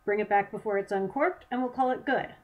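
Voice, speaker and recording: A woman's voice: mid-range voice, fairly quick, narrow, tinny audio, lightly acted. A scheming lawman corporal, smug and mocking, voiced by a woman reading her novel. He haggles slyly and sneers at his rivals. It sounds like a storybook read aloud. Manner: mocking, sly bargaining.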